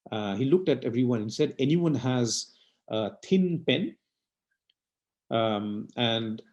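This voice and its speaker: A middle-aged man from India recounts a childhood memory at a satsang. His voice sits at an ordinary middle pitch, and he speaks earnestly, pausing often with fillers as he goes. The telling is heartfelt and unpolished. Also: darkish tone. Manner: earnest, halting, many fillers. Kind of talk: personal devotional storytelling.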